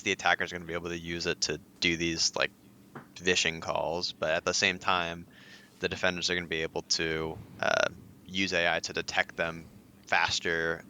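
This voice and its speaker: A man's voice: deep voice, bright, forceful tone, slight background noise. A young man guesting on a podcast in casual chat, easygoing, with many filler words and restarts. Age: young adult.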